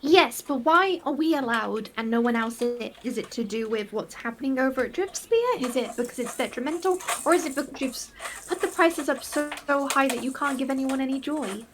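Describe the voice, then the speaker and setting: A woman's voice: sits high, lively intonation, a little fast, background noise. A woman playing a tabletop game, chattily describing what her character does. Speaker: player.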